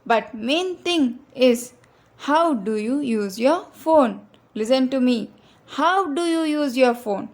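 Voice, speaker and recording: A woman's voice: high voice, expressive, takes it slowly, a little mellow. A woman giving a religious advice talk, earnest and direct, repeating her key points to her listeners. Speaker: Islamic speaker.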